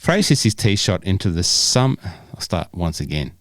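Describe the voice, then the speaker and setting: Low-voiced man co-hosting a chatty podcast. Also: sing-song, moderate pace, no room sound, clean studio sound. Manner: jokey, stumbles and restarts when reading aloud. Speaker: podcast co-host. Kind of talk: casual podcast chat.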